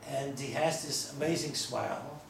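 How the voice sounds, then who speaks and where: A rabbi speaking in a mid-range voice at normal speed, with vocal fry, gives a small audience a casual lecture that drifts between stories and joking asides. The sound is echoey and distant, with a faint hum of noise.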